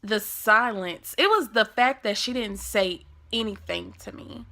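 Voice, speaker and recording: A woman's voice: fairly high pitch, moderate pace, gravelly. A young adult woman telling a personal story in a casual, slangy vlog style, acting out the lines she quotes. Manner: animated, acts out quoted lines. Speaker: vlogger.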